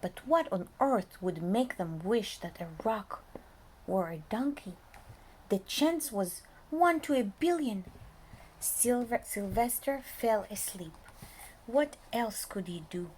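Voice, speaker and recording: A woman reads a picture book to a room of little ones, her voice sitting at an ordinary middle pitch. She swings between bright, lively reading and hushed, whispered asides to the children. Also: takes it slowly, a little hiss or hum. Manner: animated, often drops to a soft whisper, talks to the children. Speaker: preschool teacher reading aloud. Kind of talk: picture book read-aloud for young children.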